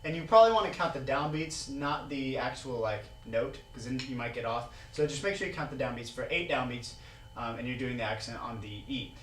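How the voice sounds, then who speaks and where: This drum teacher's voice is mid-range, fairly quick, and fairly bright, with slight background noise. He walks through a drumming exercise in a relaxed, instructional way, counting beats out loud, recorded from a distant camera mic in a roomy indoor practice room with drumming.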